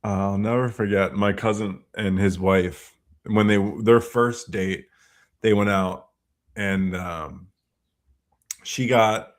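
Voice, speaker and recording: A man's voice: on the low side, fairly even intonation. A man co-hosting a casual livestream, telling rambling personal stories with a laugh. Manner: rambling storyteller, quick and chuckling.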